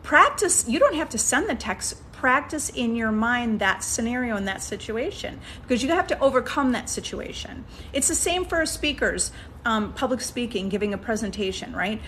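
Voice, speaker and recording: A woman with a somewhat high voice talks listeners through a practice as their coach, in a relaxed, conversational way. She coaxes them along, restarts her sentences as she thinks, and keeps checking in with "okay?" and "right?". A faint hiss sits under her voice. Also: moderate pace. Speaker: manifestation coach. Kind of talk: casual coaching talk.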